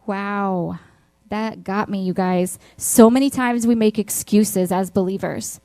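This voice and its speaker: A woman with a Texas accent preaches to an online congregation. She tells personal stories earnestly and leans on repetition for emphasis. Her voice sits at a middle pitch and sounds dry and close. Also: steady tone, slow pace, warm tone, no room sound. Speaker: church speaker.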